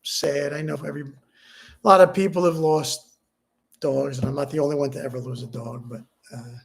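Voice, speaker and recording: A middle-aged man, grieving and subdued, talking haltingly in a personal vlog, with many restarts and fillers. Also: a little high, fairly even intonation, gravelly. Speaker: vlogger.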